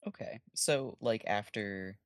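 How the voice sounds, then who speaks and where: Man player asking quick questions. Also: on the low side, dry recording, clean studio sound.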